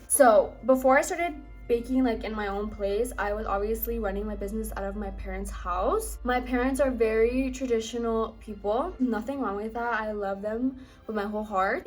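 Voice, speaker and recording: A woman in her twenties, a home baker, chatting to camera for her vlog in a bubbly, fast, gushing way. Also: a little high. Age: 20s. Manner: bubbly, talks fast and gushes. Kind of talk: casual chat to camera.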